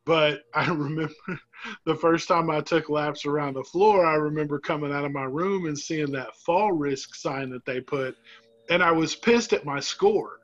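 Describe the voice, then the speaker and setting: A man's voice: on the high side, moderate pace, highs cut off. A man chatting casually, telling a story with jokes and playful asides. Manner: joking, animated storyteller. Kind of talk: casual chat about surgery recovery.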